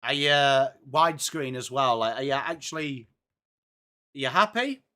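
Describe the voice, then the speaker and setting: Excitable streamer, bright voice. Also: male voice, mid-range voice, normal speed. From England. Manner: chatty, excitable, greets viewers by name. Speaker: live-stream watchalong host. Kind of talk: live sports reaction and chat.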